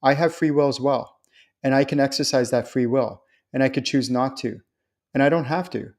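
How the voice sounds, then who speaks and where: A man hosts a live stream in a chatty, reassuring way. His voice sits at an ordinary middle pitch. He often jumps up high to act out excited quotes from other people. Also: normal speed. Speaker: host and spiritual channeler. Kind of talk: live-stream talk answering viewer questions.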